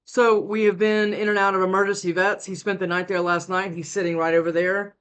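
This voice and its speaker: A woman's voice: medium pitch, flat delivery, fairly quick, smooth. Exhausted, rambling woman tarot reader. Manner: rambling, with frequent restarts. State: worn out from lack of sleep. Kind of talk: casual tarot reading to camera. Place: indoors at home. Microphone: desk mic, close.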